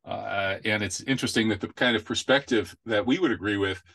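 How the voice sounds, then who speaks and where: A man's voice: on the low side, a little fast, vocal fry, a bit bright, husky. A man hosting a casual political talk show, chatty and wry. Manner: chatty and wry, makes puns. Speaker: host.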